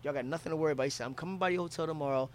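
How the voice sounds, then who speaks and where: A man's voice: fairly high pitch, very fast. A man from Philadelphia telling a travel story in casual, profane talk, acting out quotes from people he met.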